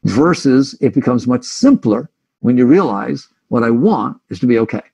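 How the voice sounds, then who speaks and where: A man's voice: mid-range voice, expressive, normal speed, gravelly, dark tone, slightly rough. A man giving a reflective, conversational spiritual talk as a teacher, sometimes speaking his listeners' inner thoughts aloud.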